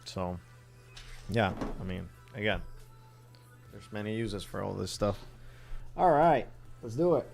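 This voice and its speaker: A man's voice: on the low side, expressive, unhurried, gravelly, pauses often, a little mellow, faint music behind. A man from the southern United States chatting casually on a livestream while building a phone kit, rambling and thinking aloud as he works.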